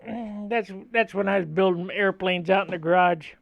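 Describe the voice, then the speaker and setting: A man's voice: high-pitched, moderate pace, creaky, dry recording, dull audio. An older man casually telling stories with chuckles while building a model airplane in his workshop. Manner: rambling, chuckling storyteller.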